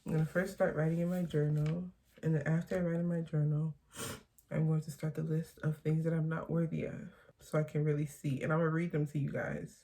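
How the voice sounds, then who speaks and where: A young woman talking openly and haltingly in a confessional personal vlog. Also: deep voice, flat delivery, warm tone. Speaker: vlogger.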